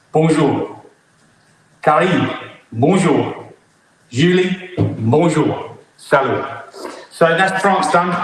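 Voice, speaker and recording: A man's voice: high-pitched, a bit bright. A middle-aged man hosting a live online cookalong as a chef, chatty and upbeat as he talks while cooking in his home kitchen. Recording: very echoey room, faint noise.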